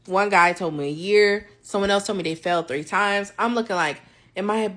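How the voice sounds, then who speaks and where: A young woman vlogging a casual faith testimony, animated and acting out her conversations with God. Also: mid-range voice, a little fast.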